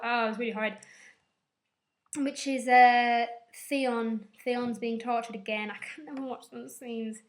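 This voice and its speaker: Young female vlogger, slightly high voice, chatty and rambling recap delivery. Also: moderate pace, slight background noise. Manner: rambling, chatty, casual swearing. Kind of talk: casual episode recap.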